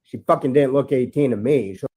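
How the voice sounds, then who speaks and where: A man's voice: medium pitch, a little fast, warm tone, slightly rough. A man talking as a podcast guest, rambling and aggrieved, swearing freely. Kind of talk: ranting podcast talk.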